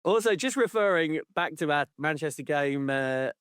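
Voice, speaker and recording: A man's voice: a little high, lively intonation, moderate pace, fairly bright tone, clear, resonant tone, no room sound, studio quality. A man co-hosting a football podcast, chatting casually in a rambling, teasing way. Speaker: podcast co-host. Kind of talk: casual chat.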